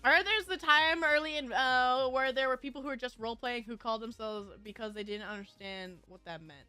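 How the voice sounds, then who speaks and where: High, bright-voiced giggly woman streamer. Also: a little fast, clear, resonant tone. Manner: giggly, laughs often. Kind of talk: casual chat with viewers. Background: faint background music.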